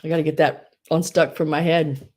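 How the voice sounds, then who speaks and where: A woman's voice: deep voice, fairly even intonation, a little fast, darkish tone. A woman hosting a live online sale, chatting casually, giggling often and restarting her sentences.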